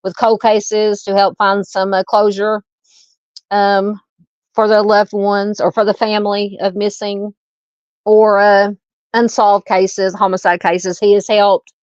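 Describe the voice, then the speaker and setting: Southern woman, true crime streamer, relaxed filler-heavy chat, dull lo-fi sound. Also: medium pitch, slow pace, clean tone, dry recording. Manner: relaxed and chatty, frequent ums and uhs. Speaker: true crime livestream host. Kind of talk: casual livestream chat reading viewer comments. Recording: dull lo-fi dry home mic.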